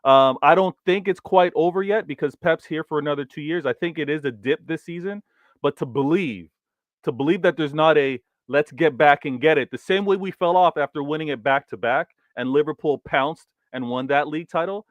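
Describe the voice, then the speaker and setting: A man co-hosting a football podcast, giving his opinion in a measured way. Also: on the high side, dry recording. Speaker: podcast co-host. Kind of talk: casual football debate. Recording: dull dry remote mic.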